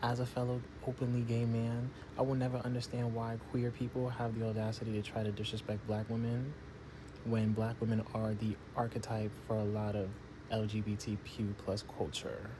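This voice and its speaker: A man's voice: lowish voice, flat delivery, normal speed, noisy background. A man ranting emphatically on social media, repeating his points. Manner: emphatic, repetitive. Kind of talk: casual social media rant.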